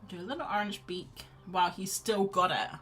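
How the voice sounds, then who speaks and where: A woman's voice: medium pitch, normal speed, a bit bright, breathy edge. A woman hosting a casual live painting chat, chatty and self-deprecating, laughing often. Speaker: art livestream host.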